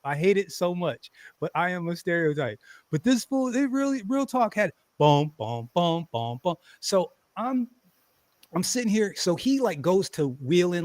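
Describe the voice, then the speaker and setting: A man casually telling a profane story on a podcast, animated and acting out quotes loudly. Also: high-pitched, no room sound. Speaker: podcast host.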